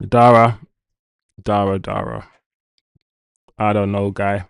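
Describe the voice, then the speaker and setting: A man's voice: mid-range voice, unhurried, vocal fry, long pauses, no echo. Man, young adult, live stream host, frustrated rant, chatting to viewers, dry room. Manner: ranting, frustrated, swearing, talking to the chat. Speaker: football watch-along host. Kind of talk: live-stream commentary and chat.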